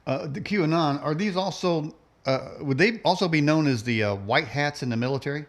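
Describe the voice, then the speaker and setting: A male host asks questions in a casual, plain-spoken way. His voice sits somewhat high for a man. He sounds relaxed and conversational as he steers the interview. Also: moderate pace. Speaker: show host.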